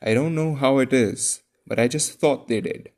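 A man voicing a young lost boy who stumbles over his words in excitement. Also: medium pitch, moderate pace, voice pushed up. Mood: excited. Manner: eager, tumbling over words.

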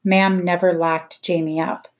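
A woman's voice: lowish voice, little pitch movement. Woman narrating an audiobook. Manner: measured first-person storytelling. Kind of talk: scripted narration.

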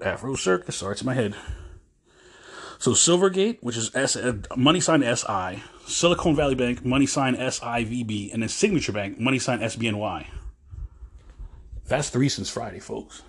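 A man in his forties hosts a podcast in a medium-pitched, breathy voice. His monologue is loose and chatty as he paces, full of self-interruptions and half-finished phrases, with listeners greeted as "folks."

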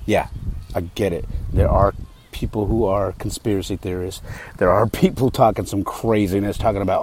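A podcast host with a fairly low male voice tells a personal story in a candid, heated, conversational way. He leans on fillers and restarts as he goes. Faint clicks sit under the recording. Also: steady tone, normal speed, darkish tone, a little hiss or hum. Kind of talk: casual storytelling monologue.

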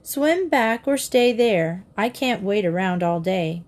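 A woman's voice: mid-range voice, lively intonation, slow, a little mellow. A woman voicing a bossy girl who taunts and dares others, with a hard edge. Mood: dismissive.

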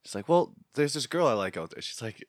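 A man's voice: mid-range voice, animated, brisk, no echo, clean studio sound. A man in his thirties, co-hosting a podcast, telling a rambling, self-deprecating story in casual chat. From Canada. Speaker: podcast co-host.

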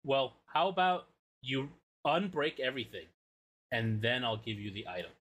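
A man's voice: mid-range voice, moderate pace, a bit bright, natural voice. A man voicing a cranky ancient male robot lord, quoted in a casual comic recap. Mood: scheming. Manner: grumbling, petty.

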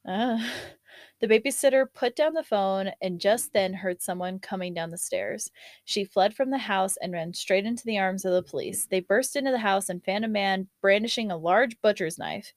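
A woman's voice: medium pitch, normal speed, no echo. A woman hosting a casual chat, swearing and laughing, who also reads a scary story aloud. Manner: profane, laughing, chatty. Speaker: podcast host.

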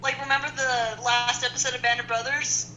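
An upbeat woman plays a tabletop game with a bright, slightly high voice. An echoey room carries her words. Faint noise hums behind. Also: little pitch movement, fairly quick. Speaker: player. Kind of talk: casual tabletop role-play.

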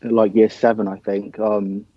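A man's voice: fairly low pitch, normal speed, no room sound, muffled recording. A young man from Nigeria, a band's drummer, chatting casually in an interview and often saying "um" and "man". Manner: relaxed, filler-heavy, says man and dude. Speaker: band drummer.

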